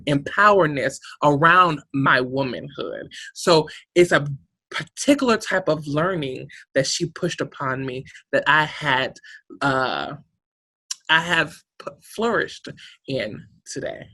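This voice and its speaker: A woman's voice: low voice, fairly bright tone. A woman guest in a heartfelt interview, speaking emphatically and passionately, with a preacher-like, rousing manner and salty language. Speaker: guest, community organization director.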